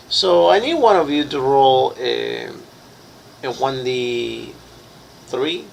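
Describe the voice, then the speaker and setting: Gravelly guy running a tabletop game, slow, lots of ums, faint hiss. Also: medium pitch, fairly bright tone, poor audio. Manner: halting, searching for words with many fillers. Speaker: game master.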